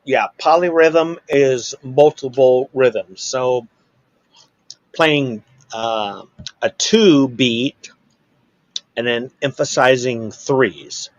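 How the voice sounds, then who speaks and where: A musician in casual conversation, patiently explaining rhythm and scatting beats aloud. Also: male voice, medium pitch, extremely slow, no echo, lo-fi sound. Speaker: musician guest. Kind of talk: casual chat.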